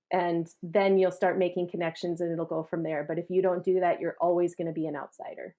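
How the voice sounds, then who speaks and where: A woman from rural Minnesota, a guest in a conversation, telling stories lively and acting out the voices of the people she quotes. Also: fairly low pitch, brisk, few pauses. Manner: animated storyteller who acts out quoted voices and laughs often. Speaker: guest, artist and rural advocate. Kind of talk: casual conversation.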